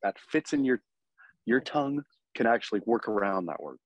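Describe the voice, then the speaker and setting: An American man co-hosting a podcast in casual chat, animated and quick to act out mock dialogue. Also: medium pitch, no room sound. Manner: animated, acts out mock dialogue, laughs often. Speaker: podcast co-host.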